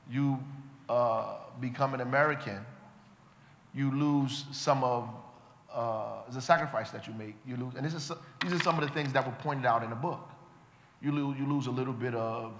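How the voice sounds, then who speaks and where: A man hosting a book club discussion who puts questions to the group and keeps checking in with "right?". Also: mid-range voice. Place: indoor event hall. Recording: echoey hall with long reverb.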